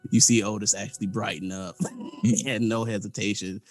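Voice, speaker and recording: A man's voice: fairly low pitch, level tone, moderate pace, darkish tone, faint music behind. A man casually describing his character's actions in a tabletop game. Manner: casual, laughs often. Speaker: player.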